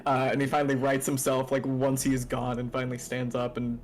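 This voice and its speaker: Brief: male player, mid-pitched and relaxed, laid-back table talk. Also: fairly quick, faint music behind. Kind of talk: casual tabletop chat.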